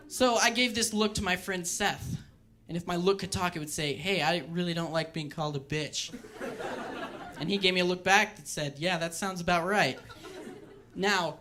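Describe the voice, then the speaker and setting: Young male stand-up, bright tense voice, lively storyteller on a club mic. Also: sits high, slight background noise. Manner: animated storytelling, mimics quoted voices. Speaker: stand-up comedian. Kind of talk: stand-up comedy set. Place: comedy club stage with live audience.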